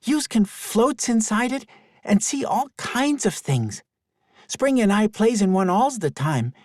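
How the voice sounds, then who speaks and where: A man's voice: big pitch swings, unhurried, darkish tone, dry recording, studio quality, exaggerated voice. A man doing a shy little dragon girl. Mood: gentle. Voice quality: high childlike voice, toddler grammar.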